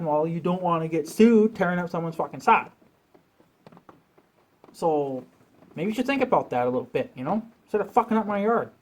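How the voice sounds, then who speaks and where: A man venting in a rambling, profane rant as a vlogger, talking casually to his viewers. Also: on the high side.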